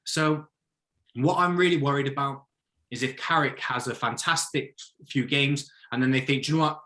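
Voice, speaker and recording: A man in a casual football chat, talking with blunt, animated conviction. He sits at a middling pitch and often slips into mock quotes of other people. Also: moderate pace. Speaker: podcast co-host, football fan.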